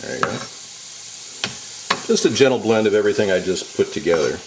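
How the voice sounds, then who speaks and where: A man with a lowish, animated voice, talking a little fast, hosts a casual home cooking demonstration in his kitchen and rambles into jokey asides as he works. Sizzling and frying from the pan and clicking knives sound behind his voice.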